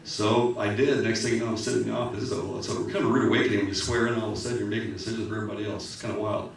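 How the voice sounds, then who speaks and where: A man's voice: on the low side, steady tone, rapid-fire, creaky. A man giving an earnest, emotional candidate's speech at a public forum, often restarting his sentences. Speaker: political candidate. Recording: echoey hall from far off, faint noise.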